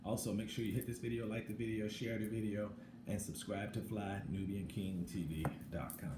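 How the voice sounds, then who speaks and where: A middle-aged man talking bluntly in a casual commentary monologue, swinging between loud outbursts and low asides. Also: fairly even intonation, brisk. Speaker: channel host. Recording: echoey room with background noise.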